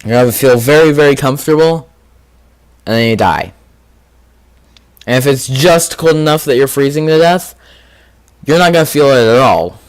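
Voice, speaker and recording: A man hosting a casual gaming video, rambling and thinking out loud with lots of fillers as he answers quiz questions. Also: medium pitch, normal speed, pauses often, no room sound. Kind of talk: casual commentary on a quiz game.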